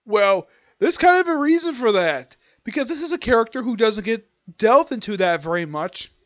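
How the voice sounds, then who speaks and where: High-voiced man rambling through a manga recap. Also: sing-song, normal speed, dry recording, dull audio. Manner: rambling, searching for names, acting out quotes. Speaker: anime reviewer. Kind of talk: casual recap of a manga chapter.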